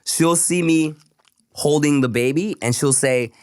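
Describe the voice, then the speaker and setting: A man's voice: on the high side, measured pace, clean tone, dry recording. A man co-hosting a podcast in casual chat, easygoing and slangy, talking into a close studio mic. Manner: laid-back and slangy, calls his friend bro and dude. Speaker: podcast co-host.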